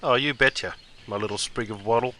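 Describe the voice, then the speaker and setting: A man's voice: medium pitch, brisk, sharp tone, pitched below the performer's own voice, close to an everyday voice. A man playing a laid-back Australian bloke cooking a barbecue, with an Australian accent and matey banter. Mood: playful.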